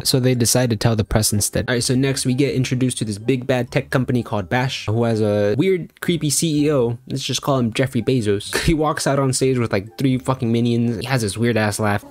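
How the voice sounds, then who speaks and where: Fast-talking, foul-mouthed man recapping a movie. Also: on the low side, steady tone, darkish tone. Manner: profane, mocking, slangy storytelling. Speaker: comedy narrator. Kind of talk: crude comedic movie recap.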